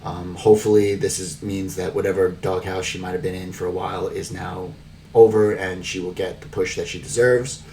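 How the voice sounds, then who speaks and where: A man's voice: deep voice, flat delivery, normal speed, warm tone, distant mic, slight background noise. A man hosting a podcast, recapping the week's wrestling in a rambling, wry way full of fillers. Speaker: podcast host.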